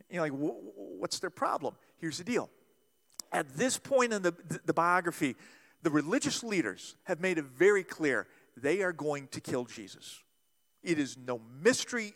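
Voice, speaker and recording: Male pastor, high lively voice, emphatic sermon delivery, echoing hall. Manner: animated, emphatic preaching with dramatic slowdowns.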